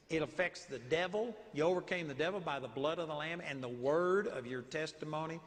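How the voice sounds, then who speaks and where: Animated preacher man, Texan drawl. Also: on the high side, brisk, few pauses, big-room sound. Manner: animated storytelling preaching, commanding declarations. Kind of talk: sermon.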